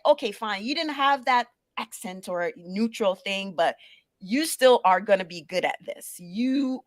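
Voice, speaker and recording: Lively Jamaican-born woman telling stories. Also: mid-range voice, dry recording. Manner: animated storyteller who acts out quoted voices. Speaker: guest, paralegal manager. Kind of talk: conversational interview storytelling.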